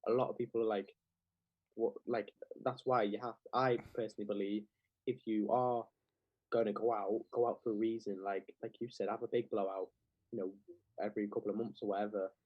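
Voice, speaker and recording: A man's voice: fairly low pitch, flat delivery, a little fast, no room sound, highs cut off. Young man rambling casually. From England. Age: young adult. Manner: rambling, heavy with "like" fillers. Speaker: clothing brand founder, guest. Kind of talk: casual podcast conversation.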